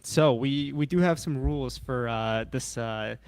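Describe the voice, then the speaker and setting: A man's voice: mid-range voice, a little slow, crowd noise. A man moderating a podcast, introducing a guest and setting playful ground rules. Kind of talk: casual hosting.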